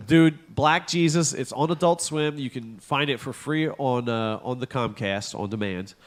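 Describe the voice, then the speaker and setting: A man's voice: mid-range voice, unhurried. A young adult man co-hosting a casual comedy podcast, telling stories animatedly, acting out characters' lines and swearing freely while reading weird news. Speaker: podcast co-host.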